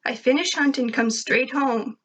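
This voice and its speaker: A woman's voice: sits high, normal speed, a bit bright, voice pushed up. A woman voicing an affectionate, wolf-like young woman who talks in clipped, broken English. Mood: impatient.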